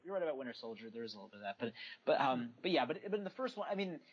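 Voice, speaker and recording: A man co-hosting a casual movie review podcast, excitable and quick to jump in, laughing often. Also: medium pitch, breathy edge, lo-fi sound. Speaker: podcast co-host.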